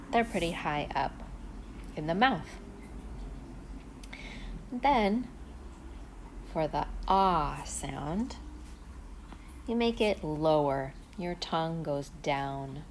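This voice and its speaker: A woman teaching pronunciation in a slow, deliberate demonstration, drawing out each vowel sound. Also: low-pitched, slight background noise.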